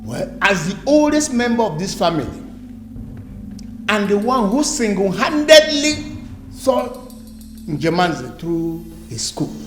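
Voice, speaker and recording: A man's voice: high voice, big pitch swings, slow, pauses often, heavy reverb, soft background music, full character voice. A man playing a domineering Nigerian elder. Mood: self-important. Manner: domineering, shouting orders. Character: domineering elder brother, family head. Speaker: oldest family member. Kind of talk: Nollywood film acting.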